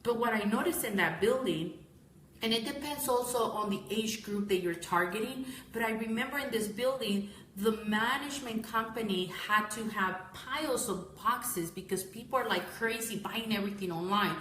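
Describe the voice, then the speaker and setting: A woman's voice: fairly high pitch, moderate pace, a bit bright, echoey room, slight background noise. Tired woman live-streaming a casual talk. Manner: rambling, self-correcting, addresses viewers as guys. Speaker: business owner giving a live-streamed marketing talk.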